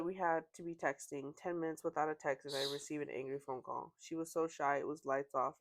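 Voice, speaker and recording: A low-pitched woman talks fast with few pauses while hosting a podcast. She casually reads posts from online and chats about them, laughing and dropping in fillers.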